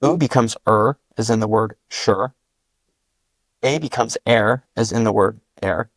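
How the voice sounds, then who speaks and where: A man's voice: on the low side, measured pace, no room sound. A man, a linguist guest, explaining his constructed language methodically and spelling out each sound with an example word. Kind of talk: patient step-by-step explanation.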